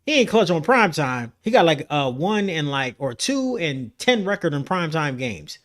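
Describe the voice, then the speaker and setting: A man's voice: fairly high pitch, big pitch swings, normal speed, a bit bright. A man co-hosting a sports podcast in casual chat, blunt and emphatic with heavy swearing.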